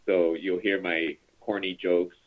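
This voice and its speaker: A man's voice: deep voice, flat delivery, unhurried, a little hiss or hum. A man leading a call center training over a conference call, chatty and rambling with many fillers. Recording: tinny phone line.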